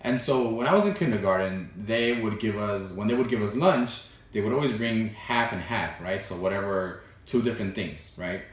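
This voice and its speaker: Young dude vlogging, rambly and animated, lots of "you know", roomy echo. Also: male voice, fairly low pitch, normal speed, few pauses, distant mic. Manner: animated, laughs often, fillers like "you know" and "right". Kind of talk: casual storytelling to camera.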